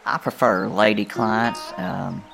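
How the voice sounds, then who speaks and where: A woman's voice: extremely low pitch, fairly even intonation, slow, vocal fry, exaggerated voice. A woman voicing a folksy, flirty masseuse with a Southern accent in a spoof radio ad. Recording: music playing behind.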